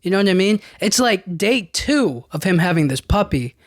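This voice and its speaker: A man's voice: high voice, big pitch swings, moderate pace, no room sound, clean studio sound. A young man hosting a podcast, rambling through a casual movie review with lots of filler words and exasperated asides. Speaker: podcast host.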